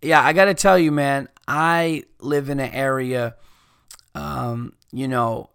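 Podcast host, male, exasperated profane rant, smooth clear voice, dry close mic. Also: medium pitch, steady tone, takes it slowly, fairly bright tone, dry recording. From United States. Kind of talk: casual ranting monologue.

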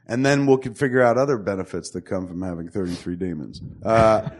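A man's voice: lowish voice, fairly quick. Crude joking male game master. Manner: profane, joking, chuckling through his own setups. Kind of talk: casual crude tabletop game narration.

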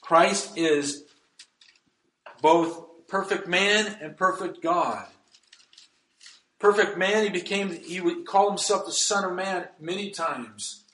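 A man's voice: high voice, takes it slowly, long pauses, a bit bright, roomy sound, rough recording. A man preaching a sermon as pastor, emphatic and reading scripture aloud.

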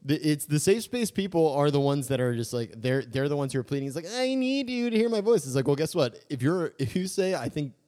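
A man co-hosting a casual comedic podcast, talking in an animated, jokey way and slipping into mocking voices. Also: medium pitch, quick pace, hardly any pauses. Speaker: podcast co-host.

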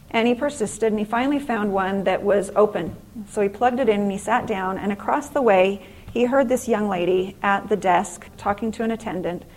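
An earnest middle-aged woman addressing a crowd with a faith-based motivational talk. Her voice sits at an ordinary middle pitch, and she tells her stories with lively conviction. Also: poor audio. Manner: earnest, animated storytelling. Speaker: inspirational speaker.

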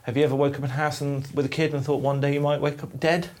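A man's voice: on the high side, flat delivery, very fast, darkish tone. A man co-hosting a crude comedy podcast, talking bluntly and laughing through over-the-top complaints. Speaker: podcast co-host.

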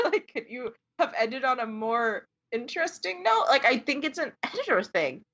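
A woman's voice: high voice, big pitch swings, normal speed, few pauses, a bit bright. A woman chatting casually about books, ranting with lots of fillers and exasperation. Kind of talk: casual book discussion. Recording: dull lo-fi sound.

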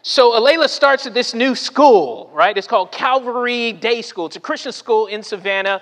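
A man in his forties from Southern California preaches a sermon in a fairly high voice. He works through personal stories, keeps checking in with "right?" and acts out each person he quotes. The sound carries a long reverb from a large church hall. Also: moderate pace, fairly bright tone. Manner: storytelling with frequent "right?" asides and acted-out quotes. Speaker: pastor. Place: church sanctuary.

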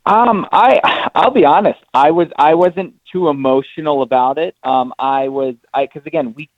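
A man's voice: on the high side, normal speed, no room sound. Rambling man on a phone line. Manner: rambling, restarts often. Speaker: guest. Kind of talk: casual chat.

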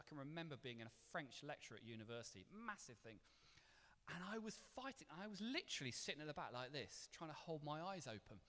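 A man preaching a sermon in a church, conversational and animated with playful asides. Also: a little high. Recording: long reverb of a church hall.

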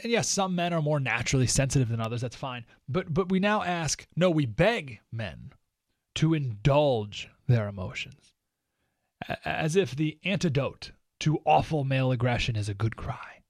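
A man with a slightly higher voice runs his own talk radio show, speaking into a studio mic in a dry, deadened booth. He lays out his opinions in an animated monologue. His tone is sarcastic and mocking. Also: no room sound.

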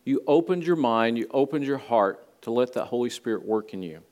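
A man's voice: mid-range voice, animated, moderate pace, darkish tone. A male pastor giving a conversational sermon in a church, with folksy asides to the congregation. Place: church sanctuary.

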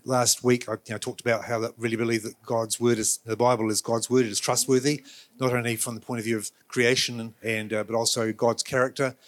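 A man's voice: mid-range voice, fairly bright tone. A man on a church panel answering a question, hedging often with "you know". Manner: quick, hedging with fillers.

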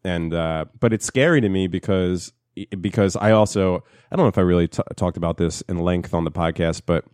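Podcast co-host: New Jersey man, low-pitched, rapid and profane, close dry mic. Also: a little mellow, clear, resonant tone, no room sound. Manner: fast-talking, swearing, storytelling with impressions. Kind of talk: casual chat.

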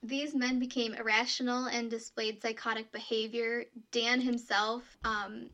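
A woman's voice: on the high side, flat delivery, unhurried, bright, forceful tone, highs cut off. A woman co-hosting a podcast, casually telling a true story and reading quotes aloud, with frequent fillers.

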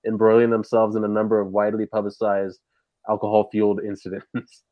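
A man's voice: fairly low pitch, completely flat delivery, fairly quick, dry recording, lo-fi sound. A man hosting a podcast, reading out facts in a casual, joking way.

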